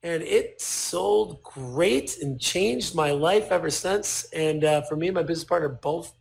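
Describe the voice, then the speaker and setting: His pitch sits fairly high, with vocal fry and a slightly slow pace. The male toy designer, here as a guest, swears freely while telling casual stories, animatedly voicing the things people said.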